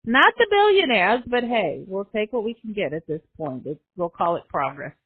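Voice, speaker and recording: A woman's voice: mid-range voice, very animated, normal speed, husky, dry recording. A woman podcast host giving a comedic news roundup, sarcastic and laughing between jokes. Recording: tinny phone-like sound.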